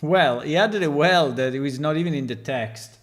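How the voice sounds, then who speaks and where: A man's voice: a little high, moderate pace. A man, a game developer, giving casual live-stream commentary and thinking aloud as he tests and reacts to recorded game lines.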